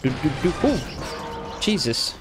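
A man's voice: fairly high pitch, sing-song, drawn-out words, music in the background. A young man giving playful let's play commentary, teasing and talking back to the game's characters. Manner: jokey, teasing, talks back to game characters. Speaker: gamer.

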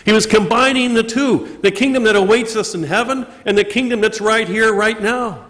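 Priest giving a sermon at mass, highish voice, asks questions then answers them, big church echo trailing. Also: male voice, a bit bright. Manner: rhetorical questions answered himself, slow emphatic stresses. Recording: long reverb of a church.

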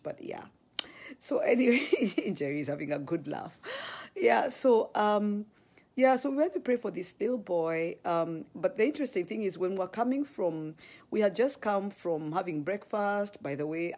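A woman with a Kenyan accent, chatting on a live stream, very expressive and gasping as she tells stories. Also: on the low side, slightly rough. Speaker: ministry leader. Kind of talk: casual live-stream chat.

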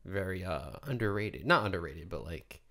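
Bright-voiced young man, casual banter. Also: low voice, lively intonation, moderate pace, gravelly. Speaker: podcast co-host. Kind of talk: casual chat.

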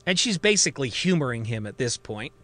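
A man narrating a story in a conversational, lively retelling. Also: medium pitch, fairly quick, no echo.

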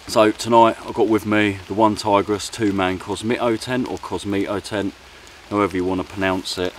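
Camping vlogger, man, very low voice, easygoing and chatty, recorded outside with rain pattering behind. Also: a little fast, slight background noise. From United Kingdom. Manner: chatty, relaxed, slangy. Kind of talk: casual outdoor vlog. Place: rainy woodland outdoors. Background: heavy rain.

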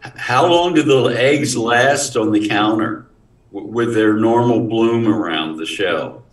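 A man's voice: medium pitch, takes it slowly. A man in a live class asks curious, casual questions. His voice is far from the microphone. An echoey room surrounds him. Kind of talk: casual chat. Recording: distant and roomy.

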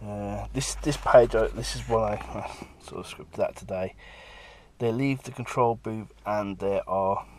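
A comic artist talking casually through pages he has drawn, lively, now and then slipping into quick character voices. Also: lowish voice, a little hiss or hum. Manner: lively, breaks into brief character voices while retelling scenes. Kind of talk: casual walkthrough of his own work.

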